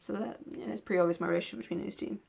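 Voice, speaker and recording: A woman's voice: medium pitch, steady tone, very fast, vocal fry, a little mellow, husky. A young woman answers tag questions in a casual vlog. She rambles loosely, filling gaps with ums and the occasional yawn. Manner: rambling, with many ums and yawns. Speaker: book vlogger. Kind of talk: casual tag video chat.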